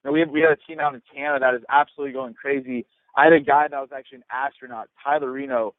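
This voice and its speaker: A man's voice: medium pitch, fairly even intonation, rapid-fire, dry recording. A man leading a sales team, talking eagerly and a bit rambling on a conference call. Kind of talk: casual phone chat. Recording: tinny dry phone line.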